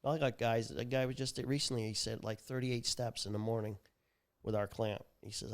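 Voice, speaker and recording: A man's voice: medium pitch, steady tone, normal speed. A man chatting on a podcast with a mid-range voice. He talks up his tools with a salesman's enthusiasm and tells customer stories. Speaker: tool company representative. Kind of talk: casual podcast chat.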